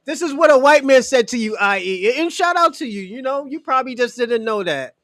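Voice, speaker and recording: A man from the United States with a high voice talks on a casual livestream and answers his chat. He is loose and profane, leans on "you know" and chuckles between points. The sound is dry and close. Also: animated, a little fast, a bit bright, no echo.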